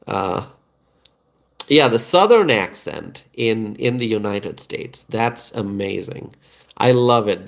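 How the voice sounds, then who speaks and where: Host, male, middle-aged; unhurried, gravelly, halting live-stream chat. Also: on the low side. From Bangladesh. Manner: halting, many fillers and restarts.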